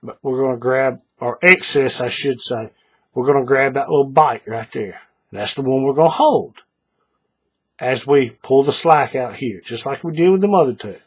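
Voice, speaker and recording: A man calmly talking through a paracord bracelet tutorial step by step, patient and repetitive, often checking in with the viewer. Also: medium pitch, normal speed, husky. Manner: patient, repeats steps, checks in with "all right?". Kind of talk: hands-on craft tutorial.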